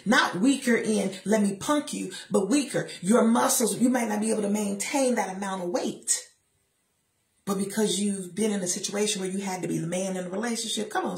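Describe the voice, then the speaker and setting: A woman giving a lively motivational talk, telling personal stories and acting out the voices of the people in them. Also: medium pitch, gravelly, roomy sound. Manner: lively storytelling, acts out voices, preachy asides. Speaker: motivational speaker.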